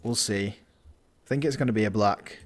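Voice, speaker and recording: A man's voice: on the low side, normal speed, soft background music. A man talking through a building game in casual let's-play commentary, thinking aloud and restarting his sentences. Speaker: gaming channel host.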